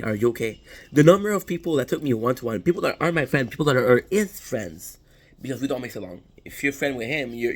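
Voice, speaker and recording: A young man tells a story straight to the camera while eating. He rambles and swears, restarts his sentences often, and keeps a medium pitch. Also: low-quality recording. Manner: rambling, profane, frequent restarts. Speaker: vlogger.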